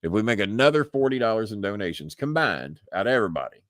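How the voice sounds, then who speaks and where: A fast-talking older man from Louisville, Kentucky, hosts a live podcast in a lowish, expressive voice with a Southern accent. It's casual live-stream chat full of rambling, frequent chuckles and restarted words, recorded with no echo.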